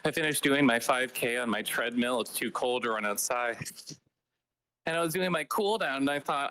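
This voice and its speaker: A man's voice: medium pitch, normal speed, sharp tone, rough recording. Breathless man on a phone voice message. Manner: breathless, laughing, rambling. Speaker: streamer. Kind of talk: recorded voice message.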